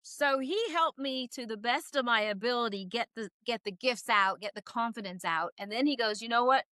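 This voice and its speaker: A woman guest, a psychic medium, telling stories in a casual interview and acting out quoted voices with quick laughs. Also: fairly high pitch, sharp tone, no room sound.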